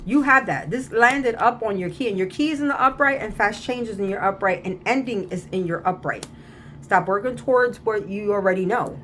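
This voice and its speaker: A woman reads tarot in an easygoing, repetitive way, circling back to the same point again and again with emphatic reassurance. Her voice sits at a middle pitch, and her throat sounds slightly scratchy. A faint hum of noise runs under the recording. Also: brisk, a bit bright. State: slightly irritated throat, coughing at times. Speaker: tarot reader. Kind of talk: casual tarot reading to camera.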